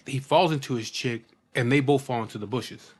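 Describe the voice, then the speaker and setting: A man's voice: mid-range voice, a little fast. Guy telling a bar story, swears a lot, keeps stumbling over and restarting his words, mid-range voice. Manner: rough, profane, repeats and restarts words. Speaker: biker telling a personal story. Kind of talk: casual spoken storytelling.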